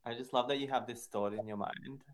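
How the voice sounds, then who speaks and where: A man interviewing a band in a relaxed, casual way, asking long questions. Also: mid-range voice, brisk.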